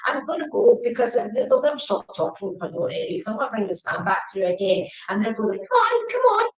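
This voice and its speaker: Woman, psychic medium, chatty, repetitive, mid pitch, echoey room. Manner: chatty, warm and repetitive, addressing viewers by name. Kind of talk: live-streamed psychic reading. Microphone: webcam or phone.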